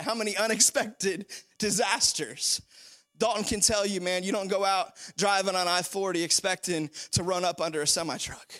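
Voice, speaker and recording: A man preaching a sermon as pastor, animated and full of repeated phrases. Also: high-pitched.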